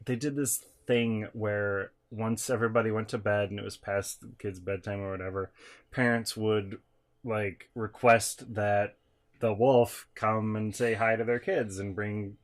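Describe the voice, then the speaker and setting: A man's voice: lowish voice, steady tone, a little slow. A man in casual podcast chat, telling a childhood story with lots of swearing and acted-out quotes. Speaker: podcast host.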